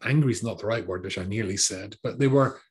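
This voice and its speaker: A man's voice: lowish voice, fast. A man teaching a Torah class as a rabbi, translating line by line with wry, sarcastic asides and hesitant restarts.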